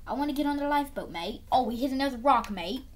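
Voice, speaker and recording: A woman's voice: high voice, animated, fast talker. A woman voicing a stubborn, pushy passenger in a put-on British accent, tacking "mate" onto her complaints in a game.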